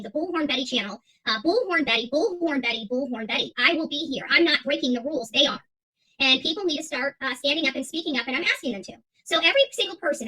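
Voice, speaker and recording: A woman's voice: high voice, pushed and bright, poor audio. A woman hosting her own channel, talking straight to viewers in a heated, defiant monologue, with many fillers and repeated words. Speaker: YouTube channel host.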